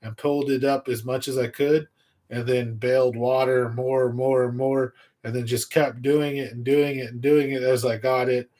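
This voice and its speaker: A young man hosting a fishing livestream, telling a story in a casual, slangy way and acting out his own thoughts. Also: medium pitch. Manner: animated storyteller, slangy, acts out his own inner voice loudly. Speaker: fishing channel host. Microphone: livestream computer mic.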